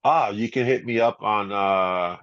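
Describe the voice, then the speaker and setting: Laid-back low-voiced man, muffled audio. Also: a little slow, fairly bright tone, no room sound. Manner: laid-back, laughs often, many "you know" and "man" fillers. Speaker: guest DJ. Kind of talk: casual storytelling interview. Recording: slightly dull, muffled audio.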